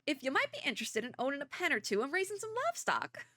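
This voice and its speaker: Friendly game rancher woman with a put-on Southern drawl, folksy and upbeat, pitched high and lively, read by a woman who keeps giggling. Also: quick pace, dry recording, clean studio sound, heavily acted. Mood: cheerful. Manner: giggling through the lines. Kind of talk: reading game dialogue aloud.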